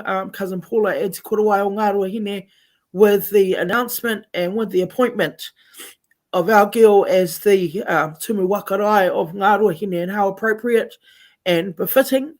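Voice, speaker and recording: A woman's voice: medium pitch, normal speed, a little mellow. A woman from Taranaki with a New Zealand accent, hosting a live community radio chat and switching easily between Māori and English. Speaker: radio host.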